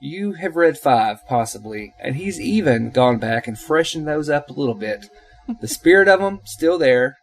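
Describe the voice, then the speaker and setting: A man's voice: medium pitch, lively intonation, normal speed, few pauses. A man co-hosting a podcast in casual chat, talking with emphatic enthusiasm. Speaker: podcast co-host.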